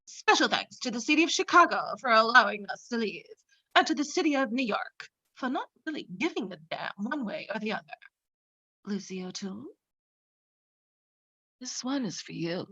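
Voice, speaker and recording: An actress playing a vain, self-absorbed radio show host in a comedic parody monologue, boastful and melodramatic, on a dull lo-fi home recording. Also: female voice, fairly high pitch, big pitch swings, normal speed, bright, forceful tone, breathy edge, dry recording, exaggerated voice. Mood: self-important. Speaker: comic actor.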